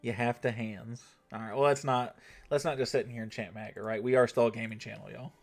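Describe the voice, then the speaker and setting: A man hosting a gaming stream and chatting casually with his viewers in a middle-pitched voice. He rambles, curses easily and keeps tagging his points with "right?". Faint music plays under him. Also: fairly even intonation, fast, creaky. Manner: loose, rambling, swears freely and keeps asking "right?". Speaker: gaming livestream host. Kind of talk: casual chat with a live audience.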